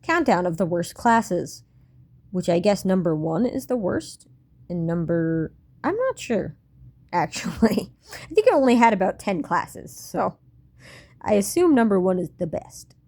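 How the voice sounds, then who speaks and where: Wry, gravelly woman mocking her old diary. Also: fairly low pitch, expressive, a little slow, a little mellow. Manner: wry, self-mocking, swears, laughs often. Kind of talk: casual commentary on old diary.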